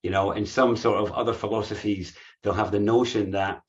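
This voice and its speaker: A man's voice: on the low side, steady tone, fairly quick, muffled recording. A man giving an earnest, reflective spiritual talk to a group, often repeating phrases as he thinks.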